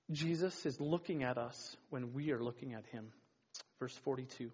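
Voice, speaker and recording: Husky-voiced man preaching casually. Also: mid-range voice, normal speed, a little mellow, muffled recording. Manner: rambling and conversational, with many restarts and acted-out quotes. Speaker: youth pastor. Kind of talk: casual sermon.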